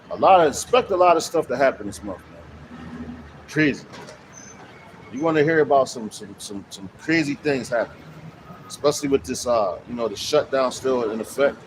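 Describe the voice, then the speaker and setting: Slangy man preaching on a noisy street. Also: medium pitch. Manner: slangy, swearing, loose and conversational. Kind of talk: street preaching with casual commentary. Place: outdoors on a city street. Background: traffic noise.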